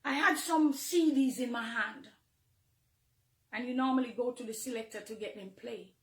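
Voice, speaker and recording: A woman with a Jamaican accent, a minister speaking emotionally to her followers, swinging between hushed confiding and loud, heated outbursts. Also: a little high, moderate pace, reverberant. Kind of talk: emotional personal address to followers.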